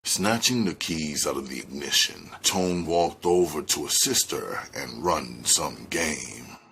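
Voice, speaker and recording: Slow, deep-voiced male audiobook reader. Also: animated, vocal fry, pushed and bright, breathy edge. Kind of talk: audiobook narration.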